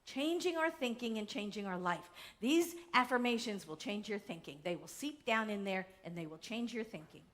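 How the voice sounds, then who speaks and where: A woman's voice: medium pitch, normal speed, hardly any pauses. A woman minister preaching a sermon with emphatic energy, calling out to the congregation. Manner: animated, emphatic, calls on the congregation. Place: church sanctuary.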